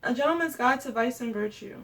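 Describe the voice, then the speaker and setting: A woman's voice: on the high side, brisk, fairly bright tone, recorded from a distance. Chatty young woman gushing about books. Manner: chatty, gushing, rambling with many fillers. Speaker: booktuber. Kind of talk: casual book-ranking vlog.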